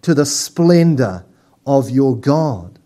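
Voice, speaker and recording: A man preaching a sermon as pastor, telling lively stories and acting out little scenes. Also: mid-range voice, slow pace.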